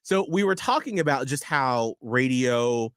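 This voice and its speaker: A man in his late thirties hosting a podcast, easygoing and quick to laugh. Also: mid-range voice, expressive, a bit bright, smooth, dry recording, clean studio sound. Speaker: podcast host. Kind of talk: casual chat.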